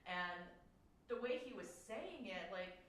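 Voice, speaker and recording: A woman's voice: medium pitch, expressive, takes it slowly, a bit bright. A woman, a paranormal investigator, chatting casually and telling stories with a slightly sore, coughing throat. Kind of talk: casual chat. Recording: echoey, distant, noisy room.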